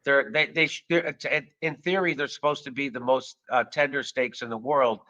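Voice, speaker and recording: Male host, bright forceful voice, lively swearing raconteur, slightly muffled audio. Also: mid-range voice, moderate pace. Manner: animated, profane, acts out quoted dialogue. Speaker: podcast host. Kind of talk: casual storytelling chat.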